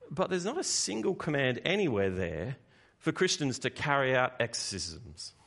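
A man at a medium pitch preaches a sermon in an animated, conversational way. He swings between loud emphasis and quiet asides.

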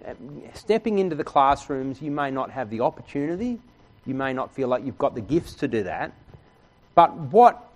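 A man preaching a sermon in an earnest, conversational way, often checking in with his listeners. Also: fairly high pitch. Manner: earnest, conversational preaching with frequent "right?" asides. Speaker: pastor.

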